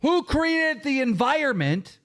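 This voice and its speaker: A man's voice: very high-pitched, big pitch swings, unhurried, fairly bright tone. A man hosting a live stream, reacting to clips in a heated, profane rant and often repeating himself.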